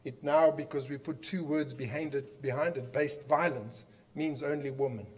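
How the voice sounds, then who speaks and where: A man with a South African accent giving an impassioned conference speech, emphatic, with rhetorical questions and dramatic pauses. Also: mid-range voice, fairly even intonation. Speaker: conference speaker.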